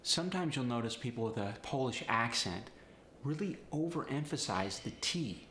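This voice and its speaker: Bright, lively-voiced male accent coach. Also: medium pitch, normal speed. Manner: instructive, breaks down sound swaps. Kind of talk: step-by-step accent tutorial. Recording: echoey room with faint noise.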